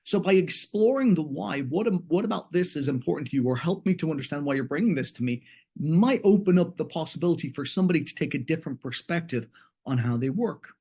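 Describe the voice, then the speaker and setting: A man's voice: a little high, fast talker, husky. A middle-aged man presenting a webinar and teaching, talking conversationally and acting out bits of dialogue in other voices. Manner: animated, acts out dialogue in different voices. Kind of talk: conversational training talk with acted examples.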